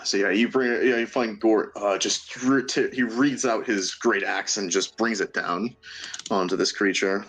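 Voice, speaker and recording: A man narrating as game master of a tabletop game, halting, with many fillers and restarts, often laughing. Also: lowish voice, fairly even intonation, fairly bright tone, a little hiss or hum.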